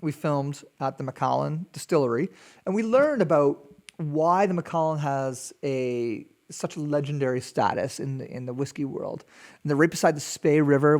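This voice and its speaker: A man hosting a podcast, telling a story in a chatty, animated way with small laughs. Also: a little high. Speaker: podcast host. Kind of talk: casual storytelling.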